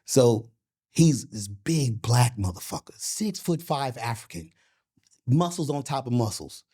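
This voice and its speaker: This middle-aged boxing and MMA coach recounts stories in a casual interview, cursing freely and full of energy while repeatedly asking "you know what I'm saying." His husky, medium-pitched voice keeps a measured pace.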